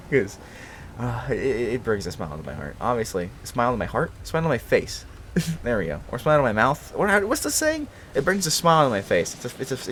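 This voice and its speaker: A man's voice: fairly low pitch, fairly bright tone, slight background noise. A man in his twenties from Brooklyn, New York, chatting casually as a host, rambling with frequent swearing, laughter and self-corrections. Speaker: channel host. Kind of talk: casual chat.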